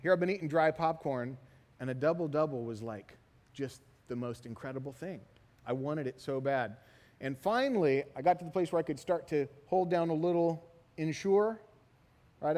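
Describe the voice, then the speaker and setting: High-voiced man preaching in echoing hall. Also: moderate pace. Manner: animated storytelling, repeated "right?" tags. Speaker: pastor. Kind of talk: sermon. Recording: long hall reverb.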